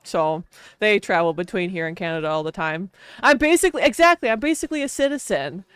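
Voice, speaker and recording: A woman's voice: mid-range voice, lively intonation, fast talker, smooth, no echo, clean studio sound. A young woman from Wisconsin with a Wisconsin accent, chatting casually on a stream, rambling and laughing often.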